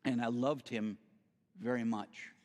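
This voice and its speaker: A man giving a storytelling sermon as a guest speaker at a spiritual center, theatrical and animated. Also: mid-range voice, measured pace. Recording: reverberant hall.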